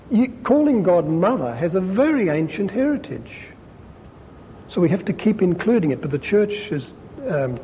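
A man, a priest, preaches in a relaxed, conversational way, breaking off into wry asides. His voice sits fairly high but sounds mellow and dark. The sound carries a long hall reverb over a faint low rumble. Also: muffled recording. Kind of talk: sermon.

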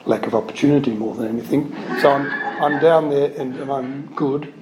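A man's voice: medium pitch, fairly quick, background noise. A man giving an anecdotal spiritual talk, wandering and correcting himself, earnest and openly emotional. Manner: rambling, digressive storytelling with frequent self-corrections; earnest, openly emotional about his subject. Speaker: Catholic religious speaker giving a spiritual talk. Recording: roomy echo with faint ambience.

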